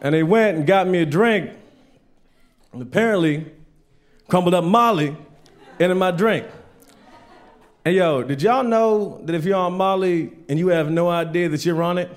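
A man with a fairly high voice tells rambling, profane stories in a stand-up set. He talks loosely and casually from a club stage, with an audience laughing behind him. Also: normal speed, long pauses. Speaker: stand-up comedian.

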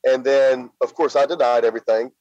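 A middle-aged man from Louisiana, a guest recounting events in a plain-spoken, halting way full of fillers. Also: mid-range voice, fairly even intonation, a little mellow, no echo. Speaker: interview guest. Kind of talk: casual spoken storytelling. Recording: slightly dull lo-fi sound.

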